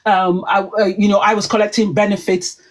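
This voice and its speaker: A woman's voice: medium pitch, level tone, normal speed. A woman giving a heated personal monologue on a live stream, emphatic and repetitive, restarting her sentences. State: upset.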